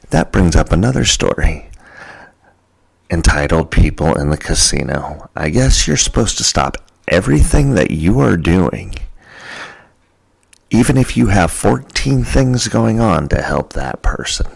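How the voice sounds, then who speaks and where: A man's voice: extremely low pitch, vocal fry. A man hosting a podcast, telling a casual story in a jokey way and acting out the people he quotes. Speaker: podcast host.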